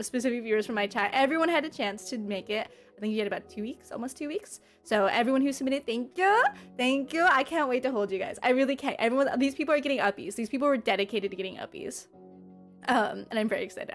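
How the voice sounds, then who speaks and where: A young adult woman streaming live, bubbly and giggly as she reads and answers her chat. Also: on the high side. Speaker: livestreamer.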